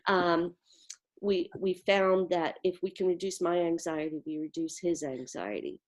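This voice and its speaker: A woman's voice: lowish voice, measured pace. A woman giving an earnest, vivid personal account on a video call. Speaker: interviewee.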